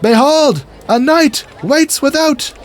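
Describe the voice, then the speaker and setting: A man's voice: extremely high pitch, animated, slow, slight background noise, pitched above the performer's own voice, exaggerated voice. A man putting on a pompous knight's voice. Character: pompous male knight at a castle gate.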